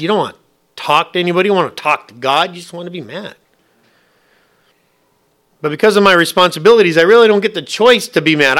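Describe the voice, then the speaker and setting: A man's voice: sits high, bright, forceful tone. A man preaching a sermon, asking his listeners question after question in a conversational way. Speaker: pastor.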